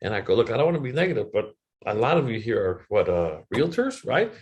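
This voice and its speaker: The recording is muffled, but this middle-aged man comes through at a medium pitch, very animated and quick, giving a motivational webinar talk. He tells an honest, emotional story about his life, swears loosely, shifts voices to quote others, and varies his volume.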